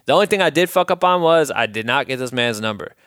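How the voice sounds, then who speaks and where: A young man from Iowa hosts his own podcast, spinning a loose, rambling story full of swearing. His voice is smooth and clean, recorded dry and close with no room around it. His pitch sits in an ordinary male middle range. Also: fast, no room sound. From Iowa, USA. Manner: profane, rambling, loose and animated. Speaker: podcast host. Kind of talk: casual storytelling monologue.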